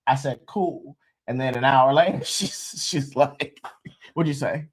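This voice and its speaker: A man's voice: mid-range voice, a little slow, husky. A young man, rambling and joking as he tells a story on a livestream. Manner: rambling, joking, with many restarts and laughs. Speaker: co-host, expectant father. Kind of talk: casual storytelling chat. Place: home livestream.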